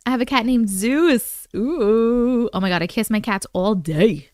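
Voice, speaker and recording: Woman host, chatty and casual on a livestream, fairly high voice, dry close sound. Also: unhurried, hardly any pauses, darkish tone, no room sound. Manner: chatty, reads viewer comments aloud, coos at her cats. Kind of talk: casual live chat with viewers.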